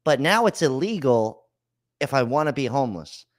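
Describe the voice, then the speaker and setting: A man's voice: medium pitch, sing-song, normal speed, no echo, clean studio sound. A man hosting a call-in podcast, ranting bluntly and swearing about living costs in casual chat. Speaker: podcast host. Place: home studio, Florida.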